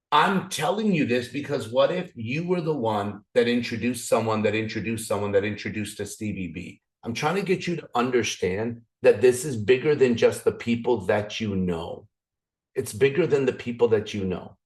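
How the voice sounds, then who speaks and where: A raspy man leading a motivational training call, excitable, swinging up and down and restarting his sentences often. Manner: excited, repetitive, frequent restarts; swings up and down in pitch. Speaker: business opportunity trainer.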